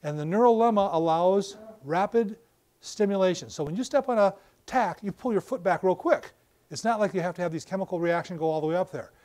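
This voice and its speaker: Older male lecturer, high voice, lively storyteller who acts out everyday examples. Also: brisk. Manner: animated storytelling with acted-out examples. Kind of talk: professional lecture. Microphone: battery-powered wireless mic.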